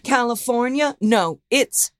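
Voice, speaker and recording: A woman's voice: a little high, slow pace, a bit bright, no room sound, studio quality. A woman co-hosting a podcast, chatting casually about a TV movie with frequent laughs and playful asides. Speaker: podcast co-host. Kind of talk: casual chat reviewing a TV movie.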